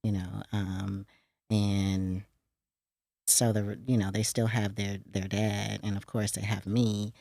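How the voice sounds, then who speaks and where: A middle-aged woman co-hosting a podcast, speaking in a measured, reflective way during candid casual conversation. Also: a bass voice, flat delivery, creaky, mellow, dry recording, clean studio sound. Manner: measured and reflective, with frequent fillers. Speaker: podcast co-host.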